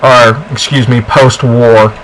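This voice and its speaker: A man's voice: mid-range voice, flat delivery, takes it slowly, fairly bright tone, a little hiss or hum, poor audio. A young man co-hosting a casual game walkthrough, chatty and rambling with lots of fillers. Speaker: co-host of a gameplay video.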